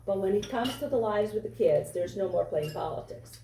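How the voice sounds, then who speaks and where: A woman's voice: mid-range voice, expressive, moderate pace, warm tone, a little hiss or hum. Foreign-accented woman, impassioned speech. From Europe. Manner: impassioned, repetitive. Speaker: political candidate. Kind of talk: campaign speech. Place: fundraiser venue. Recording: echoey room from far off.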